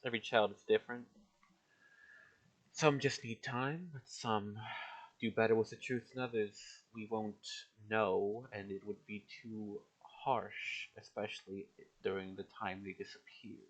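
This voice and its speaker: A man playing a tabletop game, speaking in a calm, measured way. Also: on the low side. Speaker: player.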